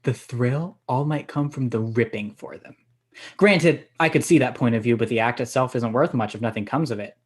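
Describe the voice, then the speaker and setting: A young actor playing a deadpan young man afraid of buildings, pedantic and rambling when he tells a story. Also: medium pitch, moderate pace, husky, natural voice. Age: young adult. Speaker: actor in a student comedy sketch. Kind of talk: stage comedy dialogue.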